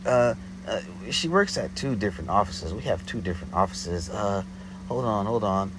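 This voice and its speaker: A man's voice: on the low side, expressive, normal speed, noisy background. A man telling a story in a casual, slangy way, often checking "you know what I'm saying".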